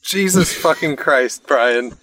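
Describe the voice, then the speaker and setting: A man's voice: on the high side, slow pace, fairly bright tone, no room sound, low-quality recording. A man playing in a tabletop game, speaking in a dry, wry, casual way. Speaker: player. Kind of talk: tabletop role-play.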